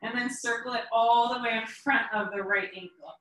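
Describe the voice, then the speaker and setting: A woman yoga teacher guiding a class through poses with calm, short breath cues, a little out of breath as she moves along. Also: a little high, moderate pace, distant mic. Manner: calm step-by-step cueing in short phrases. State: slightly out of breath. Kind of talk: guided yoga class instruction. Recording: echoey room, voice from away from the mic.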